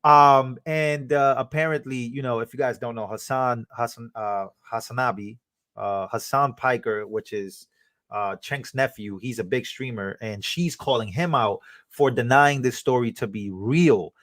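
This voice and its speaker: A man streamer giving casual reaction commentary, excitable and full of fillers and repeats. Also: medium pitch, unhurried, dry recording.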